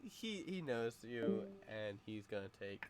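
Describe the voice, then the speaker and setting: A man narrating a tabletop game as its game master, describing the action in a halting, good-humored way, often chuckling. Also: on the low side, very animated, crowd noise.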